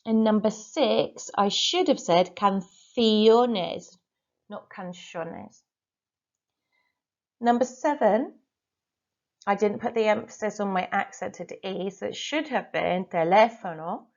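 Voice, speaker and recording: A woman Spanish teacher giving a recorded lesson, reading dictation sentences slowly and carefully, then going through corrections. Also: mid-range voice, muffled recording. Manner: slow, carefully spelled-out dictation.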